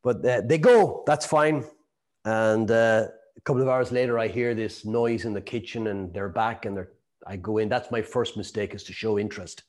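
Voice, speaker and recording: Man lecturing with lively anecdotes. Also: lowish voice, normal speed. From Ireland. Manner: chatty storytelling with laughs and acted-out quotes. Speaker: sales trainer. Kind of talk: lecture to a live group.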